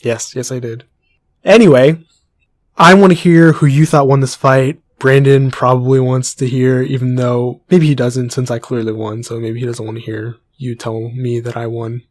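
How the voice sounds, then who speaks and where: A man's voice: medium pitch, steady tone, moderate pace, no echo. Dry-sounding young man hosting a podcast. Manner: playful, teasing, runs the segment. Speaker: podcast co-host. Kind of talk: casual podcast chat.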